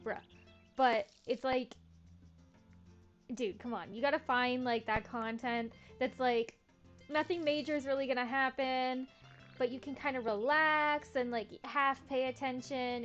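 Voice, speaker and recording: A woman's voice: on the high side, steady tone, a little slow, dull audio, soft background music. A young woman streaming a farming game, chatting in a laid-back, slangy, self-mocking way. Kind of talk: casual gameplay commentary.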